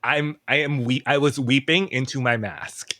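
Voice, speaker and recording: A man's voice: mid-range voice, moderate pace, pushed and bright, no echo, studio quality. A man guest on a podcast, chatting casually in an emotional, rambling way and second-guessing himself. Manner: emotional, rambling, self-questioning. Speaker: podcast guest, entertainment writer.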